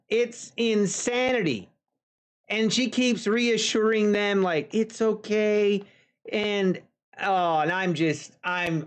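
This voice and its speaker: A man telling a casual story to viewers of his live trading stream, chatty, with folksy asides. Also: high voice. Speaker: futures trader streaming live. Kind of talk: casual anecdote on a livestream.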